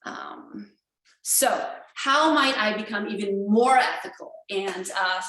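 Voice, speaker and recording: A woman giving a conference keynote over a video call, talking in an energetic, emphatic way with many fillers and restarts. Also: medium pitch, slow pace, roomy sound, rough recording. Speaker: keynote speaker.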